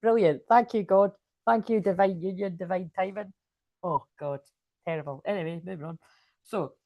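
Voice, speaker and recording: A woman's voice: medium pitch, moderate pace, dark tone, no room sound. A woman giving a casual, chatty tarot reading, swearing freely, laughing and breaking into bits of song. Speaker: tarot reader.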